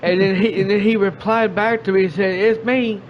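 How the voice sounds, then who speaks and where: Man, podcast host, higher-pitched, halting rambling talk, muffled lo-fi sound. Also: fairly even intonation, slight background noise. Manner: rambling, halting, with many restarts. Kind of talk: casual podcast chat. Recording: muffled lo-fi stream audio.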